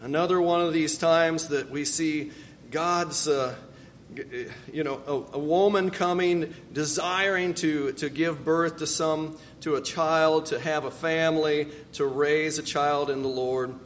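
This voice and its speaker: A man's voice: fairly high pitch, fairly even intonation, unhurried, a little hiss or hum. A male pastor preaching a sermon, reading scripture aloud and then explaining it.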